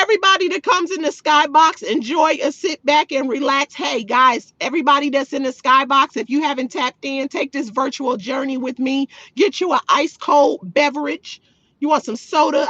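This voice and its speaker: A woman's voice: high-pitched, a bit bright, dry recording, highs cut off. A woman hosting a livestream in a sassy, mocking way, talking to her chat. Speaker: livestream host. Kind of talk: livestream chat reacting to viewers.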